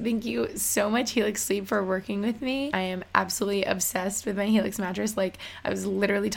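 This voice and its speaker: A young woman hosting a podcast, talking in an excitable, rambling way full of "like.". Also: medium pitch, vocal fry. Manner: excitable, rambling, lots of likes. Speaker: podcast host. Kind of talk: casual chat.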